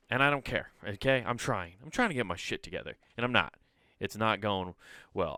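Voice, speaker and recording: A man hosting his own comedy podcast, ranting casually with rambling, profane, animated talk. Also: medium pitch, clean tone, dry recording, clean studio sound.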